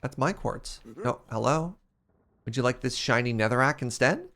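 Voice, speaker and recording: A man's voice: mid-range voice, lively intonation, normal speed, a bit bright. A Canadian man from the prairies, streaming a game and chatting casually and playfully with his viewers, often joking at his own expense. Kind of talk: casual chat while playing a game.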